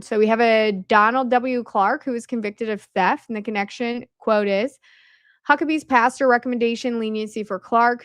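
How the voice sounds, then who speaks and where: A woman's clear, resonant mid-range voice comes through dry and studio-clean from a camera mic on her desk at home, late at night. Hosting her video, she walks casually through on-screen slides, sounding strained and worn, with plenty of fillers and asides along the way.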